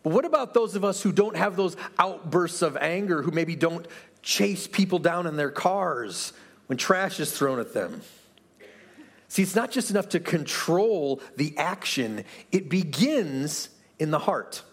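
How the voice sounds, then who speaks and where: A man's voice: fairly high pitch, expressive, unhurried. A pastor giving an earnest, conversational sermon to his church, asking the room rhetorical questions. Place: church sanctuary.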